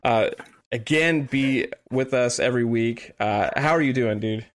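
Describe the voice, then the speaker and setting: A man's voice: mid-range voice, unhurried, slight background noise. Playful male podcast host. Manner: playful, joking, many fillers. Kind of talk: casual podcast chat. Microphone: online call setup.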